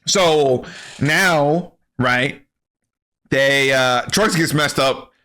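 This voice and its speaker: A man giving a comedic, profane anime recap, animated and full of slang. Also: mid-range voice, very slow. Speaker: anime commentary creator.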